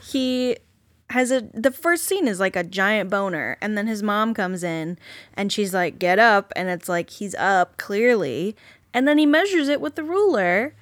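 A woman's voice: medium pitch, lively intonation, no room sound. Chatty woman co-hosting a podcast. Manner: chatty, quick to laugh. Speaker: podcast co-host. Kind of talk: casual movie chat.

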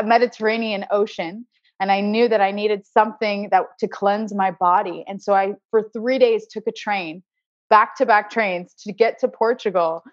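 On a podcast, a woman acupuncturist with a medium-pitched voice tells an earnest, spiritual story of her own healing, often repeating words as she searches for them. The recording is dry, slightly dull, and has no echo.

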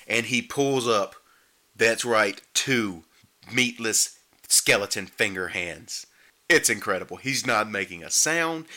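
Bright-voiced man sarcastically recapping a movie. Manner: sarcastic, animated, mocks the acting with squeaky imitations. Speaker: movie reviewer.

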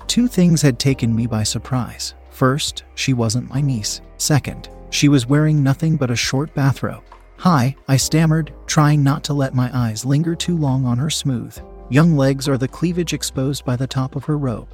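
A man steadily reading a first-person erotic story aloud in an even narration style. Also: mid-range voice, moderate pace, few pauses, faint music behind.

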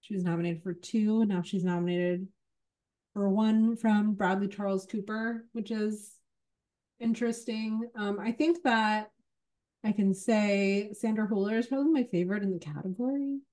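A woman's voice: medium pitch, steady tone, moderate pace, darkish tone. A woman on a casual film panel, chatty, with joking asides and lots of fillers.

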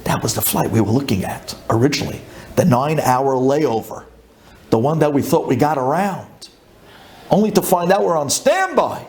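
A man telling a religious travel story with great drama, dropping low and then climbing to near shouts. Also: animated, moderate pace.

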